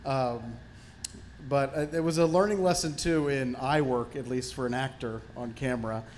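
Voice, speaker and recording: Male actor-comedian, panelist, animated storyteller, middle pitch, faint background hiss. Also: moderate pace. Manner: animated anecdotes with frequent fillers. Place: film festival panel.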